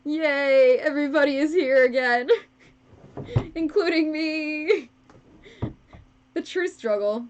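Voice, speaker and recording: A woman's voice: sits high, slow pace, pauses often, highs cut off. A woman chatting casually with her live-stream viewers while she sews. She is giggly and self-deprecating and laughs often. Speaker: fursuit maker streaming live. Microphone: wrong microphone.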